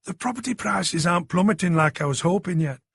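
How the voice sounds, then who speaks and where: A man's voice: sits high, animated, a little fast, a bit bright, husky, no echo, studio quality, exaggerated voice. A man reading an audiobook plays a laid-back middle-aged man, bemused by technology.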